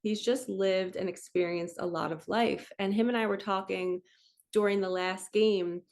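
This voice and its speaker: A woman in her forties, a spiritual coach, talking gently and reflectively to her viewers in a casual, chatty way. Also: mid-range voice, fairly even intonation, moderate pace. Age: 40s.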